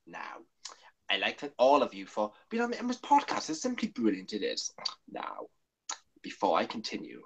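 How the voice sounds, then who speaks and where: A man doing a playful impression of an eccentric old male time traveller, dropping to whispers and then bursting out loud. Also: mid-range voice, wildly swooping pitch, moderate pace, vocal fry, husky, voice pushed down, exaggerated voice, poor audio. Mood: urgent.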